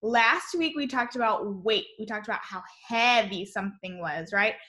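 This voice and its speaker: A woman teacher giving a cheerful online lesson to young children, spelling words out slowly in a sing-song voice over a computer mic. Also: a little high, sharp tone. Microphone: computer mic on a video call.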